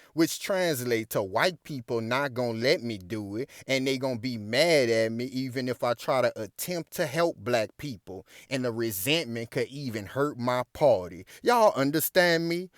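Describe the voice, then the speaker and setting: A man talks straight to his listeners in a preachy political commentary, asking again and again whether they understand him. His voice is mid-pitched and sits dry and close to the mic, with no room sound. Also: no room sound. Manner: preachy, rhetorical, keeps asking "you understand me"; reads quotes aloud, then rises to emphatic indignation. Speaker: commentary host.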